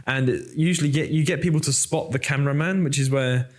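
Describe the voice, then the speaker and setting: A young man, an actor hosting a chat and telling lively set stories. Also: mid-range voice, quick pace. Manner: animated storyteller, many fillers. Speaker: actor and host. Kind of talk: casual interview chat.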